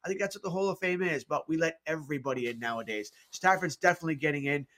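A man's voice: fairly high pitch, rapid-fire, fairly bright tone. A man co-hosting a sports radio show, giving blunt, emphatic opinions in casual talk.

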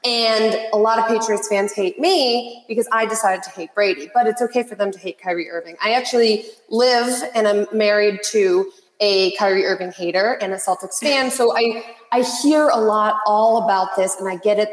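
A woman hosting a sports talk show, chatty and at times sarcastic as she asks her guest questions. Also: mid-range voice. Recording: echoey room with long reverb.

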